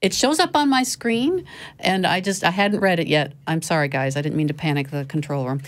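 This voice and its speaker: A middle-aged woman with a low, grounded voice hosts a casual panel discussion, speaking fairly quickly. She's chatty and laughs easily, correcting herself on the fly.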